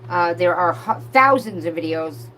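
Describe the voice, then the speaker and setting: A woman giving a live tarot reading, reading cards aloud and breaking off into excited, profane outbursts. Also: on the low side, moderate pace, a little hiss or hum, low-quality recording. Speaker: tarot reader.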